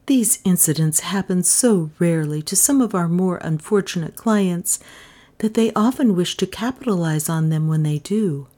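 A woman reading a storybook who voices a polished young receptionist with a soft, insinuatingly confidential manner. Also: on the low side, normal speed, lightly acted. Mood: smooth.

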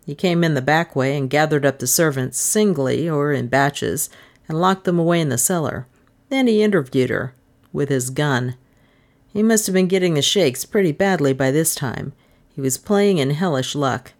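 Low-voiced woman narrating a story. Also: lively intonation, normal speed. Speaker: audiobook narrator. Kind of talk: scripted narration.

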